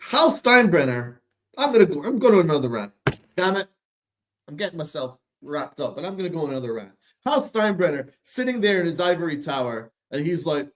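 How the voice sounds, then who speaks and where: Man, slightly higher voice, sarcastic ranting podcast host, exasperated and profane. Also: sing-song, brisk. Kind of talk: ranting sports commentary.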